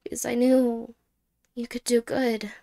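A woman voicing an apologetic young ex-girlfriend in a whispered role-play, speaking haltingly and softly and slipping into whispers. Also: fairly high pitch, level tone, creaky. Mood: tender. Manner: halting, hesitant, soft-spoken with whispered words.

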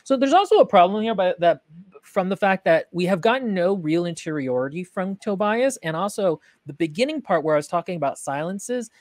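A woman's voice: fairly low pitch, very animated, fairly quick, a little mellow, dry recording. Dry-voiced, frank female podcast critic. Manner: frank, wry and analytical, with many fillers. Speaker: podcast host and writing critic. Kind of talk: casual critique chat.

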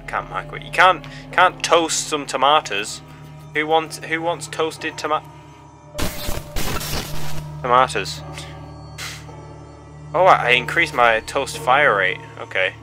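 Over faint music, this gaming channel host speaks a little slowly in a mid-range voice, leaving long pauses. The young man does let's play commentary, excitably yelping at the game and pleading with it.

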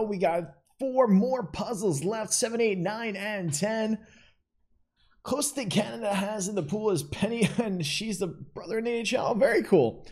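A man's voice: sits high, a little mellow. A man hosting a live-streamed trivia game show, chatty and upbeat, talking straight to the players in the chat.

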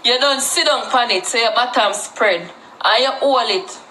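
A woman's voice: fairly high pitch, moderate pace, bright, forceful tone, a little hiss or hum. A woman with a Jamaican accent chatting casually on a livestream, rambling and repeating herself, mixing Patois into her talk.

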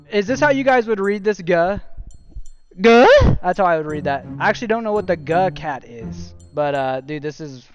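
A man's voice: high voice, normal speed, smooth, soft background music. A young man streaming, giving casual joking commentary as he rates viewers' gaming setups, often saying "dude" and "bro". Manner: jokey, animated, says "dude" and "bro" a lot.

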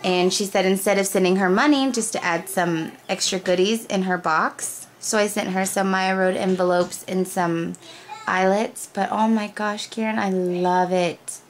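A young woman chatting to camera as she unboxes a crafting parcel, gushing and excitable, gasping and exclaiming over each item. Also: medium pitch, moderate pace, slight background noise. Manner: gushing and excitable, gasps and repeats "oh my gosh". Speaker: crafting vlogger. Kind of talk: casual unboxing chat to camera.

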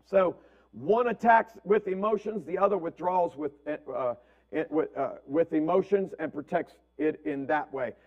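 A man's voice: a little high, measured pace, a little mellow, highs cut off. A man preaching a conversational sermon as pastor, repeating words and checking in with "right?". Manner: asks "right?" constantly, repeats words, acts out family quotes.

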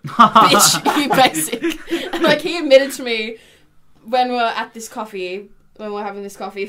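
A woman's voice: on the high side, pushed and bright. A woman, a guest on a casual podcast, chatting in a sassy, swearing way. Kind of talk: casual chat.

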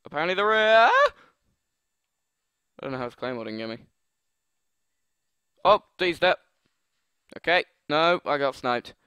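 A young man talks over his own gameplay at a slow, drawn-out pace, trading jokes and mutters with himself as opponents annoy him. His voice sits at an ordinary middle pitch. The recording is dry and close, with no room sound around it. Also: pushed and bright, clear, resonant tone, no room sound. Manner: joking, muttering, exasperated at opponents. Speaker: gaming commentator. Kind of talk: live gameplay commentary.

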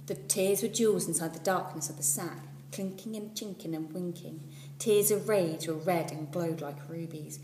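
A woman teacher reading a children's storybook aloud, expressive and at times dropping to a whisper. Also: fairly low pitch, normal speed. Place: school classroom. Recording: echoey room, far from the mic, faint hum.

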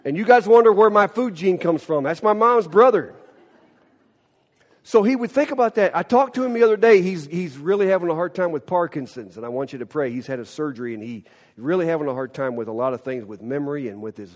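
A male pastor preaching a lively, conversational sermon and speaking directly to his congregation. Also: a little high, fairly quick. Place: church sanctuary. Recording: reverberant church hall.

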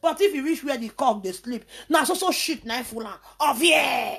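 A Nigerian woman with a high voice rants into her vlog, scornful and insulting. She keeps breaking into sing-song chanted taunts between her jabs. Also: animated, moderate pace, gravelly, few pauses, fairly bright tone, slightly rough. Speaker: vlogger. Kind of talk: heated ranting vlog.

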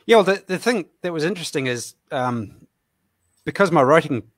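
A man with a New Zealand accent, a comic artist guest chatting casually over a video call, halting and self-deprecating, with many fillers. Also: fairly high pitch, lively intonation, fairly bright tone, no echo, clean studio sound.

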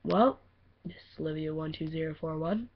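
Giggly rambly teen girl intro-ing her audition, gravelly voice, lo-fi mic. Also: low voice, moderate pace, slight background noise. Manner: rambling, giggly, self-deprecating. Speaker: voice acting auditioner. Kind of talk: casual audition vlog. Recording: muffled lo-fi home mic.

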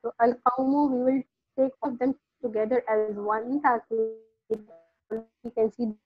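A woman teaching an online Arabic grammar class, explaining patiently with many pauses. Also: a little high, steady tone, no room sound, soft background music. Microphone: video call. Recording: dull lo-fi online call audio.

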